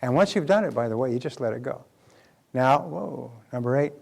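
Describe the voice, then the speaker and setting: A man's voice: mid-range voice, animated, a little fast, gravelly, a little mellow. An older man giving a motivational seminar talk, earnest and conversational, often putting questions to the audience. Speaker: seminar speaker. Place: live seminar before an audience.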